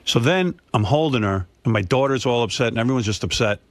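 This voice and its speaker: Middle-aged male storyteller, animated radio talk, dry booth sound. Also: mid-range voice, quick pace, no echo. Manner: animated storyteller, acts out his parents' voices. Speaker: show regular telling a family story. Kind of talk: casual radio chat.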